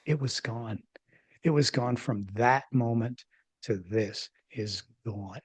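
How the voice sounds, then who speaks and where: A man in his fifties or older, a former doctor hosting a podcast, telling a personal story in a rambling, animated way with many restarts. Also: mid-range voice, takes it slowly, breathy edge, dry recording. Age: 50s or older. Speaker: podcast host, former physician. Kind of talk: casual interview storytelling.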